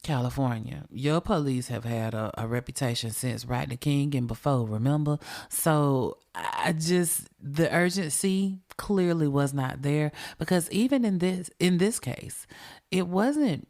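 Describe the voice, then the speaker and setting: A woman's voice: low voice, a little slow, darkish tone. A woman hosting a true crime podcast, telling the story in a profane, emphatic, conversational way and talking straight to her listeners. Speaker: podcast host.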